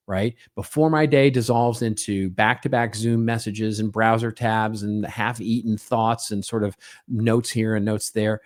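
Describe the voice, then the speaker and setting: Low-voiced man musing on a podcast. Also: a little mellow. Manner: conversational, frequent "right?" tags, acts out small quoted exchanges. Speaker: podcast co-host. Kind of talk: solo podcast monologue.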